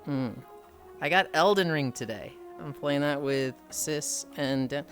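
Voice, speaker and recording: A man's voice: fairly high pitch, unhurried, fairly bright tone, faint music behind. Rambling, foul-mouthed Midwestern streamer guy. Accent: Midwestern American. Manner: rambling, swears freely, answers chat messages aloud. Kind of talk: casual chat with viewers.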